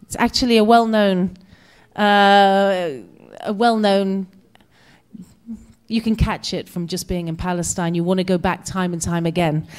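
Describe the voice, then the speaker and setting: A woman in her forties from Britain with a British accent, giving an expressive personal storytelling talk as a guest speaker. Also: medium pitch, measured pace, smooth. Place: community center hall.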